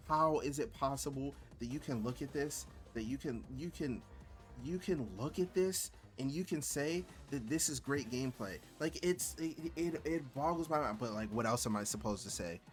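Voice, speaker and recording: A man streaming and commenting on gameplay in a rambling, exasperated way, full of filler words. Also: medium pitch.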